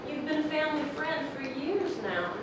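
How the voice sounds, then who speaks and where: An actress playing Cecilia, a sharp-tongued, independent frontier woman who speaks firmly and defiantly, recorded on a stage from a distance. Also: high voice, animated, moderate pace. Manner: firm, defiant. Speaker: actor. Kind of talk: stage drama performance. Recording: roomy stage audio from a distant mic with noise.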